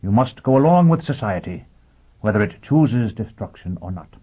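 A man's voice: on the low side, animated, normal speed, husky, voice pushed up. A man voicing a cheerful, polite male bartender robot that lectures serenely. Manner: politely beaming, preachy. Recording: tinny phone-like audio.

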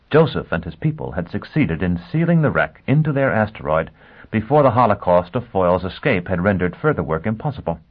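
Low-voiced man narrating over a tinny line. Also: slightly rough. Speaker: audiobook narrator. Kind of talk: scripted narration. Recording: tinny phone-like sound.

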